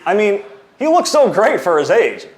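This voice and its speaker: A man's voice: sits high, wildly swooping pitch, normal speed. A man speaking as a wrestling champion, mocking his opponent and telling a taunting story. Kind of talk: trash-talking wrestling promo.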